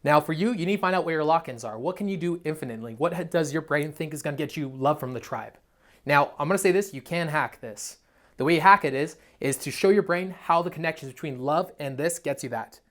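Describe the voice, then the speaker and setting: A man's voice: a little high, fast talker. A young man, a dating coach, giving a blunt, profane, emphatic motivational monologue. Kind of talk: motivational self-help monologue.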